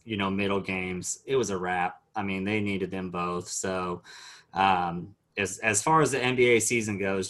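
A man's voice: fairly low pitch, bright, forceful tone. Joking male sports podcast host. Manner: loose, joking, lots of "um" fillers. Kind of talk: casual sports chat.

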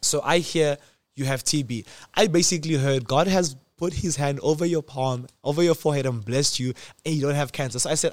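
A man in his twenties telling a personal story in casual chat, animated, acting out quotes with sudden jumps in pitch and loudness. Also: fairly quick, no room sound. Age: 20s. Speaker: host.

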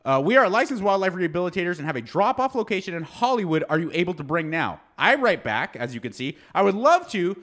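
A man telling a story in casual chat, animated and acting out the people he quotes. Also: high-pitched, quick pace, hardly any pauses. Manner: animated, acts out quoted people, laughs often. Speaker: podcast co-host telling a story.

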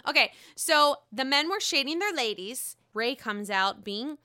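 A woman's voice: sits high, lively intonation, unhurried, few pauses, bright, forceful tone, smooth. A woman casually recapping a reality show, gossiping, swearing freely and often laughing.

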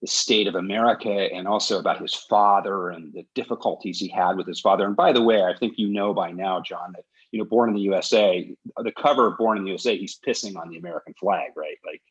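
Man, podcast host, husky voice, low pitch, casual rambling chat, dull lo-fi sound. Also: fast, few pauses. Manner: animated storyteller, digressive.

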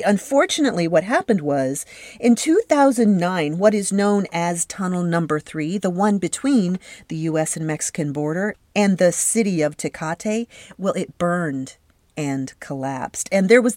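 A woman's voice: on the low side, darkish tone, no echo, clean studio sound. A woman hosting a solo podcast, telling a story in a chatty, enthusiastic way with casual fillers. She is from Southern California. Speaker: podcast host.

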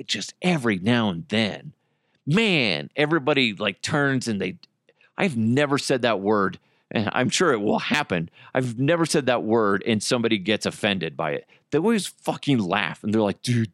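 A man hosting a solo podcast while high, rambling, swearing heavily and laughing often. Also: fairly bright tone, no echo, studio quality. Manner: profane, rambling, frequent laughter. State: high on cannabis. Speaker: podcast host.

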